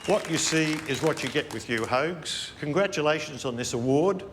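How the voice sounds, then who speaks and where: An Australian man, a former colleague, giving a relaxed, matey and joking recorded tribute. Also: fairly high pitch, moderate pace, slight background noise.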